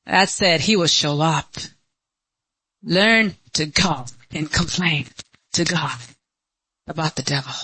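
A woman pastor preaching an impassioned sermon, swinging from high pleading cries to low hushed lines. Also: slow pace, pauses often, husky, low-quality recording. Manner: laughs between lines.

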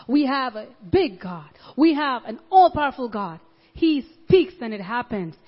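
A woman's voice: high voice, unhurried, slightly rough. A woman preaching a sermon, telling stories and acting out the voices of the people in them. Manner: animated storytelling, acts out the voices. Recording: dull audio in a large reverberant hall.

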